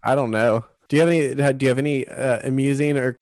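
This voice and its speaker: A man co-hosting a podcast, talking in a rambling, halting way. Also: mid-range voice, steady tone, a little mellow, no echo. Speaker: podcast co-host and band frontman. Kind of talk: casual podcast chat.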